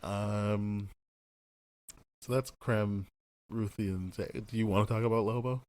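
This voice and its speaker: A man's voice: lowish voice, fairly even intonation, measured pace, a little mellow, no room sound. A man co-hosting a casual movie review podcast, rambling and laughing as he acts out quotes. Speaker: podcast co-host.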